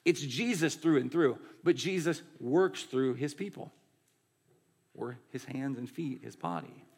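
A man delivers a sermon in a loose, chatty preaching style. His voice carries a gravelly edge at a mid pitch. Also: measured pace. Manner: conversational, animated preaching with many "like" and "right". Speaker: pastor.

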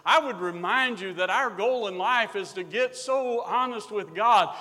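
A man preaching a revival sermon, reading scripture in old English and swinging between quiet stretches and loud, fervent ones. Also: high-pitched, a little slow, big-room sound. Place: church.

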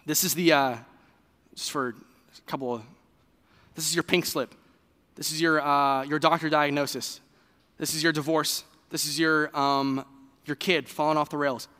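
A man preaching a sermon in a conversational, animated way, with fillers and restarts. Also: a little high, moderate pace, pauses often, clean tone, big-room sound. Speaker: pastor.

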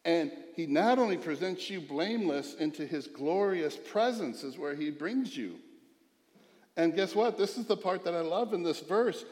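A middle-aged male pastor delivers a sermon in a rather high voice. He moves between hushed, intimate passages and emphatic, rising ones. The voice rings through a large hall with a long reverb tail. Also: animated, normal speed. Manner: earnest, swings from hushed to emphatic.

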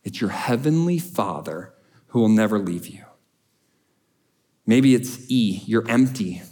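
A man preaching a sermon in an earnest, conversational way, swinging between raised lines and hushed ones. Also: mid-range voice, husky. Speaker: pastor.

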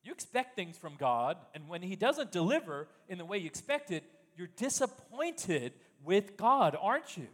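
A man's voice: high voice, sing-song, a little slow, few pauses, big-room sound. A man preaching a sermon in an emphatic style, full of rhetorical questions. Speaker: pastor.

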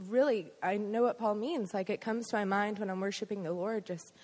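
A woman speaks softly and reflectively during a church sharing time. Her voice sits at an ordinary pitch and rings with a long reverb from the hall. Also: fairly quick. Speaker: congregation member.

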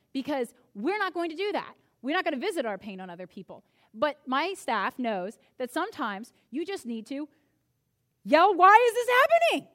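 A woman pastor preaching a sermon in an animated, emphatic way, slowing down to stress key phrases. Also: a little high.

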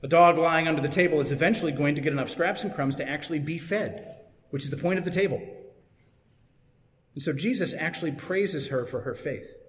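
A man's voice: on the high side, fairly quick, slight background noise. A man preaching a sermon in a conversational, explanatory way. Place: church. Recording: echoey church with long reverb.

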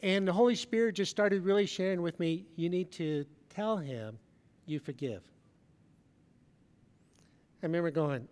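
A middle-aged man preaching a sermon, telling a personal story with swings between loud emphasis and soft, hushed moments. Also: high voice, a little slow, long pauses, clean tone, in a large hall. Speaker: pastor. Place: large church hall.

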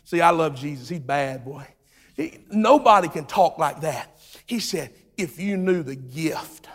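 A man preaching a sermon, telling a story in a relaxed way, acting out its voices and building to shouted preaching. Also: on the high side, a little slow. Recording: long hall reverb.

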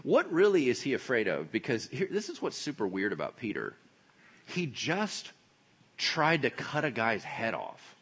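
A man's voice: mid-range voice, normal speed, slightly rough. A man preaching a sermon, joking and acting out the people in the story as he talks. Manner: animated, joking, acts out voices. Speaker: pastor.

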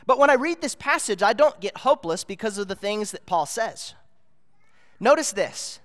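High-voiced preacher in a reverberant hall. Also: male voice, lively intonation, normal speed, a bit bright. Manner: earnest, explanatory, rising to emphatic peaks. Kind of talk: sermon.

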